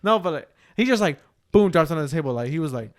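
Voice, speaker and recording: Young male podcast co-host, rapid slangy storyteller, smooth slightly high voice. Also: lively intonation. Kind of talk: casual chat.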